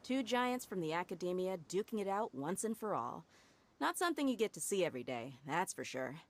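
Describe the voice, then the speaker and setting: Dehya, a brash mercenary. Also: female voice, lowish voice, very animated, a little fast. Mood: scornful. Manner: brash, scolding. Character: tough, blunt female mercenary warrior. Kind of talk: video game voice acting.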